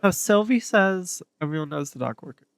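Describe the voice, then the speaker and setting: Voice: medium pitch, animated, a little fast, vocal fry, dry recording. A streamer casually commenting and reading dialogue while playing a game, with chatty asides.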